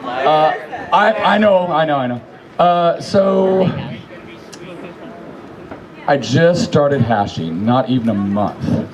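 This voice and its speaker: A man giving a casual memorial tribute, telling a story in an animated, profane way and shouting the quotes. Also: fairly high pitch, takes it slowly, pauses often.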